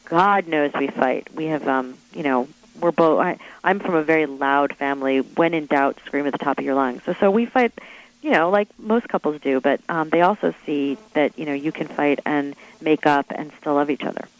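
A woman author being interviewed, telling stories in an animated, chatty way with quick asides and acted-out quotes. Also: low-pitched, highs cut off. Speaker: author guest. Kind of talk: interview storytelling.

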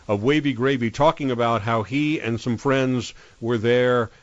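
A man's voice: mid-range voice, dry recording, lo-fi sound. A man hosting a radio interview, introducing his guest and clips fluently. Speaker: radio host.

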